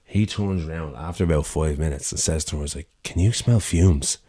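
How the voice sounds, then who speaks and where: A young Irish man with a Dublin accent, co-hosting a podcast and telling a profane, animated story in a casual chat from a city studio. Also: very deep voice, a little fast, slightly rough. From Ireland. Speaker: podcast co-host. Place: city studio with door open.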